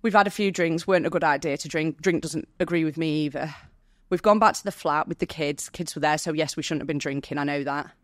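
As a podcast guest, a woman tells her own story candidly and emotionally, close to tears, vividly acting out what people said to her. She talks fast in a low voice. The clean studio recording has no echo.

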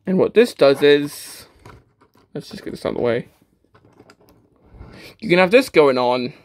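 A man's voice: fairly high pitch, expressive, measured pace. Stammering man reviewing a toy. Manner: stammering, with many fillers and restarts; self-deprecating, matter-of-fact.

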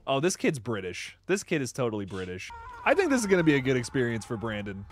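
Animated, jokey man reviewing a film. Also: medium pitch, fast talker. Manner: excitable, jokey and slangy, with frequent laughs. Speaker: movie reviewer. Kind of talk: casual film commentary.

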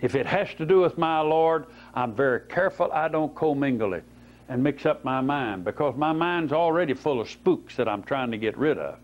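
A man's voice: mid-range voice, animated, moderate pace, a little hiss or hum. Folksy preacher man on old tape. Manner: folksy storytelling, rhetorical questions. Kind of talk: Bible teaching sermon. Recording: dull lo-fi tape recording.

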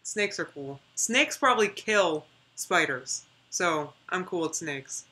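A woman's voice: on the low side, lively intonation, slow pace, pushed and bright. A young woman chatting casually on her live stream, rambling and reading out viewer comments.

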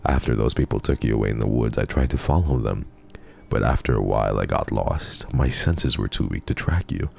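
A man reading the lines of a weary, loyal talking cat in a horror game, in his own gentle voice. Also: extremely low pitch, brisk, gravelly, breathy edge, exaggerated voice. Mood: tender.

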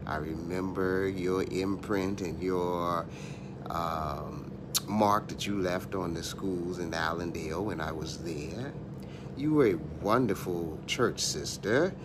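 A man from a former church congregation giving a slow, earnest, hesitant video message of praise. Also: low voice, background noise. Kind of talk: recorded video greeting.

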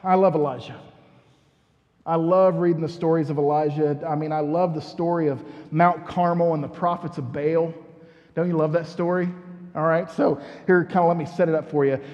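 A man's voice: fairly high pitch, steady tone, normal speed, darkish tone, in a large hall, muffled recording. A man preaching a sermon in a conversational, storytelling way, asking the congregation questions as he goes. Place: church sanctuary.

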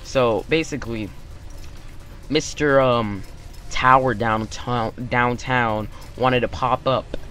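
Young man, vlog host, story-time commentary, animated, mid-pitched voice, faint music behind. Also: takes it slowly. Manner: animated, acts out quotes. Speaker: YouTube channel host.

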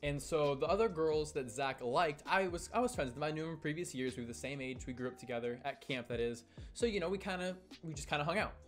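Young male storyteller, casual and rambling, slightly raised pitch, soft music underneath. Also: quick pace. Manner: rambling, self-correcting, acts out quotes. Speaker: storytelling vlogger.

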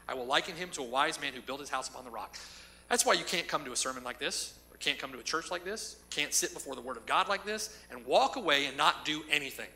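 A man's voice: medium pitch, lively intonation, fast talker, vocal fry, bright, forceful tone, low-quality recording. A man preaching a sermon as pastor, emphatic, with rhetorical questions and repeated lines.

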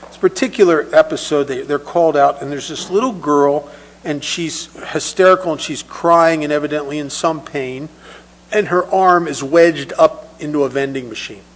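In a rough recording, a man with a somewhat high voice speaks at a moderate pace at a recovery meeting. He tells personal stories in a conversational style, often repeating words when he starts over.

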